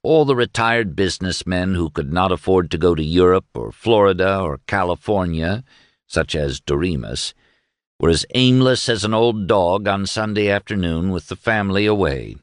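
A man narrating a novel in a measured, literary storytelling style. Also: deep voice, dry recording, clean studio sound. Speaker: audiobook narrator. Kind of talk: scripted narration.

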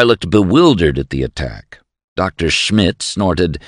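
A man reading a novel aloud as narrator in a measured, expressive storytelling manner. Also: low voice, no echo, clean studio sound. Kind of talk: audiobook narration.

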